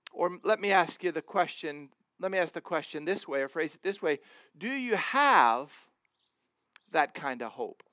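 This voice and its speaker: A man's voice: sits high, a bit bright, clear, resonant tone, dry recording, studio quality. A man in his forties preaching a sermon as pastor, earnest and emphatic, often repeating words and restarting.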